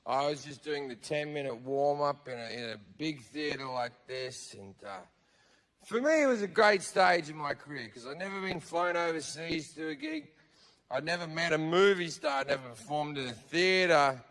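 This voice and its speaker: An Australian man performing profane stand-up comedy, telling stories loudly on a big theatre stage. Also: fairly high pitch, expressive, normal speed, big-room sound. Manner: loud, profane storytelling with frequent shouting.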